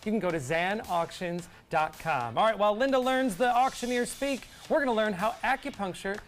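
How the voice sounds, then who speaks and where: A man with a high-pitched voice hosts a morning TV show. He asks his guest questions in a friendly, easy manner. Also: a little fast, a bit bright, faint music behind. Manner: friendly interviewer asking questions. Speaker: TV show host. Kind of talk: casual TV studio chat.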